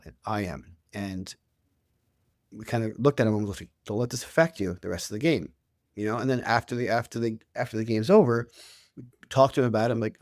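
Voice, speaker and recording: Chatty dad telling a story. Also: male voice, medium pitch, brisk, no room sound, clean studio sound. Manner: conversational, many restarts and fillers. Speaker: guest, author and youth coach. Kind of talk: casual interview storytelling.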